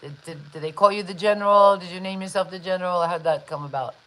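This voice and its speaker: A woman hosting a live online interview, chatty and enthusiastic, with many shout-outs. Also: lowish voice, quick pace, poor audio. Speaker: interview host.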